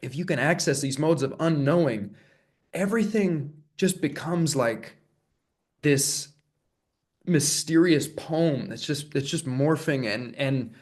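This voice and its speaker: A man talking alone in a reflective solo monologue, musing and searching, often restarting phrases and breaking into soft laughs. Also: on the high side, slow pace. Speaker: vlogger.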